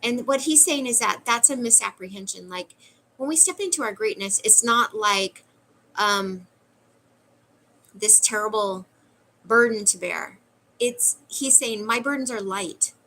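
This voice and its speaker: A woman's voice: mid-range voice, measured pace, pushed and bright, slight background noise, poor audio. A middle-aged woman giving a channeled spiritual talk in a musing way, with frequent "like" fillers. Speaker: spiritual reader.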